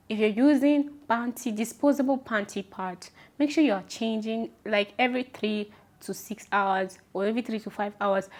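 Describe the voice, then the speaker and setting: A woman's voice: mid-range voice, a little mellow. Chatty Nigerian woman giving advice. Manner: chatty, affectionate, repeats instructions emphatically. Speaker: vlogger. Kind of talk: casual advice talk to camera.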